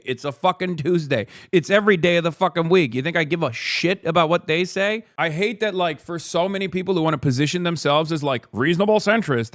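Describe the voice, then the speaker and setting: A man's voice: sits high, fairly bright tone, no room sound, clean studio sound. A man ranting on a livestream, profane, exasperated and mocking as he fires off commentary. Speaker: streamer. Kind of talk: heated livestream commentary rant.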